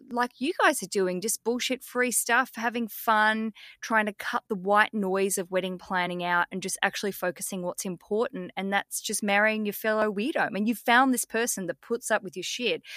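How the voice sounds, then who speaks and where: A woman's voice: medium pitch, sharp tone, no echo, studio quality. A woman with an Australian accent, hosting a podcast in casual, swearing, self-mocking chat. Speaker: podcast host.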